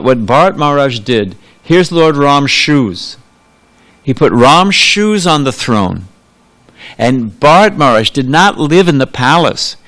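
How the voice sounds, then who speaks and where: A man's voice: medium pitch, a bit bright. Conversational, rambling male preacher. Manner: conversational, rambling with asides and restarts. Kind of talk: sermon. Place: temple hall.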